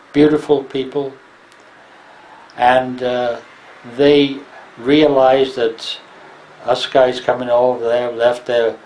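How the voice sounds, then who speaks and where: A man's voice: mid-range voice, a little mellow, low-quality recording. Old guy from wales, veteran telling war stories, lots of uhs and restarts. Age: older. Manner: halting, many fillers and restarts. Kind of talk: oral history interview.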